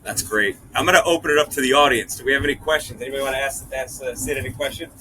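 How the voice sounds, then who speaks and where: A man hosting a casual audience Q&A, chatty and quick to laugh. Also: medium pitch, pushed and bright, slight background noise, rough recording. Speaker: podcast host and moderator.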